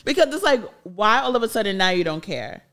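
Animated woman recapping a reality show. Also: medium pitch, a little fast. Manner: animated, laughs often, quotes people. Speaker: podcast co-host.

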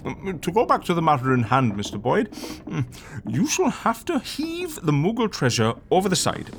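An actor playing a fussy, refined gentleman who murmurs while he eats and talks in a pompous, genteel way. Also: fairly high pitch, wildly swooping pitch, normal speed, a little hiss or hum. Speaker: interviewer.

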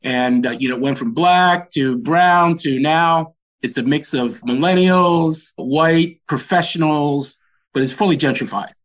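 This is a man in his sixties, a guest on a leadership podcast recounting his childhood with sincere warmth of memory. His voice sits a little higher than most men's. He tells stories plainly and earnestly, picking up energy at the key moments. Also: a little slow. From Washington, DC. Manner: earnest, animated when recounting anecdotes. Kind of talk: reflective storytelling.

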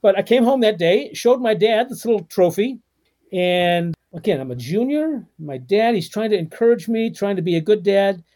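A man's voice: sits high, moderate pace. A man in his sixties, a guest author telling stories in a podcast interview, with lots of fillers and restarts. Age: 60s. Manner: animated storyteller with frequent fillers.

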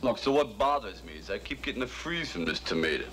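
A fast-talking young hustler. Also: male voice, on the low side, sing-song, rough recording. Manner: fast, wisecracking street talk. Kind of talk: film dialogue. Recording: film clip with loud background noise.

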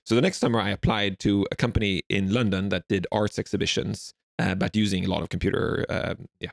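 Fast-talking Swedish man, gravelly. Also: lowish voice, fairly even intonation, no echo, studio quality. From Sweden. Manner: fast, rambling, lots of "like" fillers. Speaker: guest. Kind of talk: casual storytelling interview.

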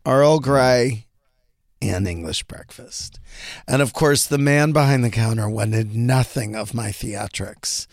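Male podcast host, gravelly voice, dry booth sound, gossipy and theatrical in his tellings. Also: mid-range voice, slow, dry recording. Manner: chatty, gossipy, theatrical storyteller. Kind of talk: casual chat.

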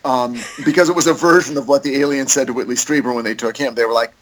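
A man talking in a casual podcast chat. His voice sits at a middle pitch. He rambles and is animated, and he uses many fillers. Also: quick pace, poor audio.

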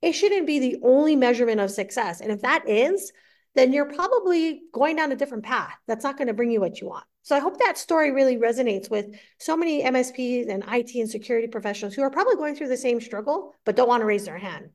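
A woman's voice: high-pitched, fast. A woman guest on a business interview, telling a story with energy and acting out the lines of her client. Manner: energetic, acts out client dialogue. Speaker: guest entrepreneur.

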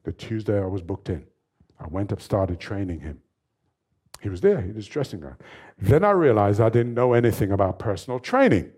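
A man in his seventies, a fitness trainer telling stories as an interview guest in a lively, animated way. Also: fairly low pitch, a little fast, slightly rough. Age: 70s. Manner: lively, animated storyteller who laughs often. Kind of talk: storytelling in an interview.

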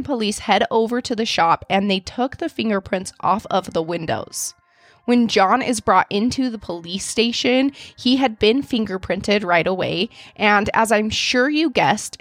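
Woman host, true crime podcast narrator, mid pitch, close dry sound. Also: no echo. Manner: steady storytelling, reading out quotes.

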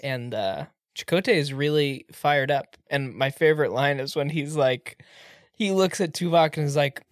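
A woman talks through a podcast in loose, animated chat. She swears freely and slips into quoted voices as she retells scenes. The sound is dry and close, with no room echo. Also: deep voice, unhurried. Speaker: podcast co-host. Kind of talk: casual chat.

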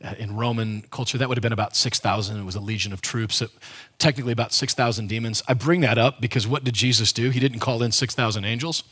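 A man's voice: mid-range voice, fast, a bit bright, breathy edge. A man pastor giving a conversational, emphatic sermon, often restarting his sentences as he explains a Bible passage.

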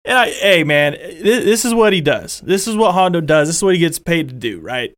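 A young man hosting a casual sports fan show, excitable and rambling, full of restarts. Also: a little high, brisk, hardly any pauses, dry recording, clean studio sound. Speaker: podcast host.

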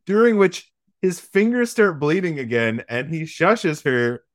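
A man's voice: a little high, sing-song, measured pace, dry recording, studio quality. A man hosting a podcast, giving a casual, profane, wry recap of a film's plot with joking asides. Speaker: podcast host recapping a film. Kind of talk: casual comedic film recap.

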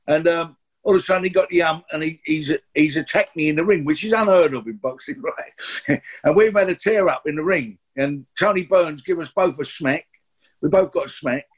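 Here a guest actor in his sixties, London accent and all, tells loose, chatty interview stories with plenty of restarts and side comments. His voice is husky, a little high, and paced normally.

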